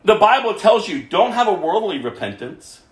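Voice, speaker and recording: Male pastor preaching, impassioned, high-pitched and very lively, fires rhetorical questions, echoey room. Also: moderate pace. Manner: impassioned, rhetorical questions, swings from loud to hushed. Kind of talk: sermon.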